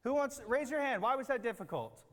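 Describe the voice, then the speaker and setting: Speaking fairly quickly in a very high, expressive, slightly bright voice, a man runs a children's church activity with cheerful, coaxing directions and frequent checks that the kids are following. The setting is a large room with a platform, and the audio carries a big hall's long reverb.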